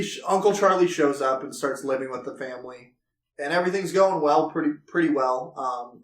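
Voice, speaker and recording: A man's voice: on the high side, fairly bright tone. A man co-hosting a casual movie review podcast, rambling with lots of fillers as he retells scenes. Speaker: podcast co-host. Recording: echoey room.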